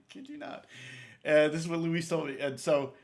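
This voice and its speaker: A man's voice: a little high, creaky. Rambling man telling a session story. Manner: rambling, self-correcting, chuckling anecdote. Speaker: guitar teacher and channel host. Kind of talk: casual storytelling in a lesson.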